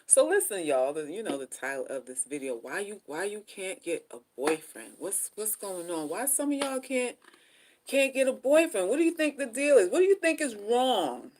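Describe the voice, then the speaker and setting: A middle-aged woman chatting casually on a livestream from home, animated and slangy as she reads viewer comments aloud. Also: medium pitch, moderate pace. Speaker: livestream host.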